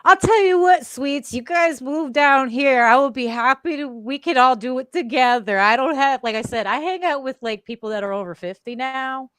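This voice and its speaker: A woman guest on a casual podcast, telling lively stories, acting out what people said and laughing often. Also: high voice, normal speed, few pauses, smooth, no room sound, clean studio sound. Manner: animated storyteller who acts out quotes and laughs often. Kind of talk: casual chat, storytelling.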